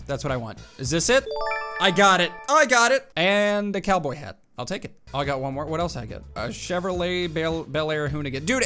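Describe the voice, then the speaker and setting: A man's voice: on the high side, fairly bright tone. A man hosting a gaming channel, giving casual, jokey gameplay commentary and often saying "dude". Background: game music.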